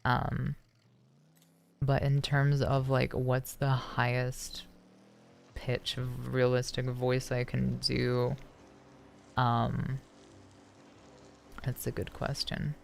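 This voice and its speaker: A young adult streamer practicing a feminized voice after male puberty, chatting casually with many hesitant restarts and throat clearings. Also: mid-range voice, monotone, extremely slow, pauses often, a little hiss or hum. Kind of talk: casual livestream chat.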